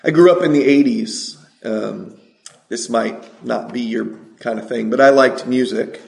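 A middle-aged man preaching a sermon, energetic and asking the congregation questions. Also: mid-range voice, measured pace, creaky, roomy sound.

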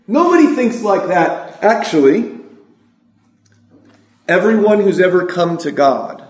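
A man from California preaching a sermon, asking the congregation questions and reciting scripture slowly. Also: sits high, a little mellow, reverberant. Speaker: pastor.

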